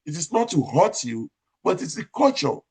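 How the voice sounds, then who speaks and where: Speaking with a Nigerian accent, this operating room nurse manager offers advice during an interview, loud and forceful, circling back to his points and asking rhetorical questions. His pitch sits a little high, his delivery is very animated at normal speed, and his voice is slightly rough.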